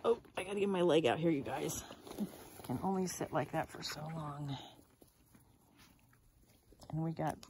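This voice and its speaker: A woman's voice: sits low, a little slow, pauses often, darkish tone, a little hiss or hum. A woman filming puppies outdoors, chatting casually and laughing often, cooing at the dogs in a baby-talk voice. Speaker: dog breeder. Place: outdoors in a dog yard. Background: puppies and dogs playing.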